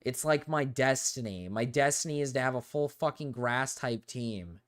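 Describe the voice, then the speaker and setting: A man's voice: mid-range voice, moderate pace. A man streaming a game while reacting to a video, swearing and ranting in frustration. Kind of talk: casual live-stream chatter.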